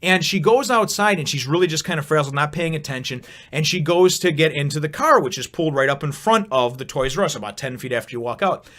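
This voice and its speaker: Fast-talking man telling a rambling story. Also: a little high. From Chicago. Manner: rambling, profane, animated storyteller with asides. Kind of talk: casual storytelling vlog.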